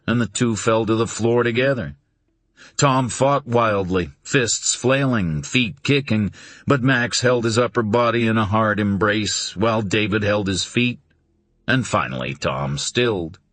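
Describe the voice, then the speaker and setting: Male narrator, lowish voice, dry close sound, dramatic audiobook reading. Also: fairly bright tone, no room sound. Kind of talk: scripted narration.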